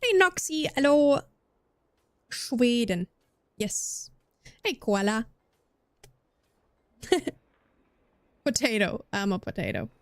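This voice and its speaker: This streamer's slightly high voice swings widely in pitch, moving slowly with long pauses, in clean studio sound free of room noise. She is a young German woman with a faint Scandinavian accent tinge, rambling and restarting sentences as she chats with viewers during gameplay.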